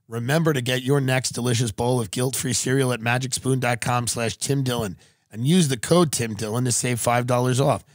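A man hosting a podcast, doing a profane, deadpan comedic ad read that swings into shouted rants. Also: mid-range voice, normal speed, no room sound, studio quality. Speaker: podcast host reading ads.

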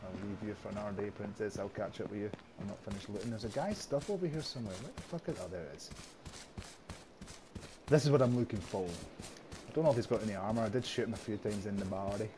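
A man giving excitable, swearing gameplay commentary with teasing banter. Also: lowish voice, fast. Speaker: gamer. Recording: loud game noise behind.

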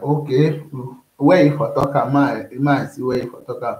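A man's voice: mid-range voice, measured pace, darkish tone. Nigerian man vlogging in an echoey room. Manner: rambling, repeats "you understand me?". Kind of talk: casual monologue to camera.

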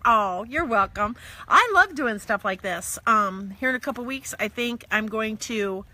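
A woman's voice: a little high, lively intonation, unhurried, pushed and bright, no room sound. A woman author hosting a casual live-stream chat from her home, chatty and greeting viewers by name. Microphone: phone or laptop streaming live.

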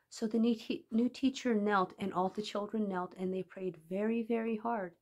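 A woman reading a story aloud in a calm, measured storytelling manner. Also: mid-range voice. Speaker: reader.

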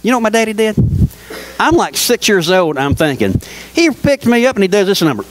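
A man's voice: high-pitched, sing-song, a little fast, rough recording. A man preaching a sermon, telling stories with lots of rhetorical questions to the congregation.

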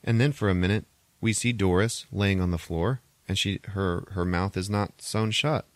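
A man's voice: sits low, moderate pace, no room sound. A man hosting a podcast, retelling a film plot in a rambling, profane, casual way full of filler words. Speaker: podcast host. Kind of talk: casual movie recap.

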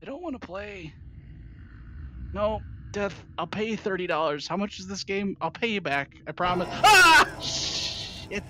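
A gaming channel host plays a horror game, jumpy and yelping and screaming at the scares while grumbling about the controls in self-mocking complaints. His voice is high-pitched and a little slow, with background noise behind it.

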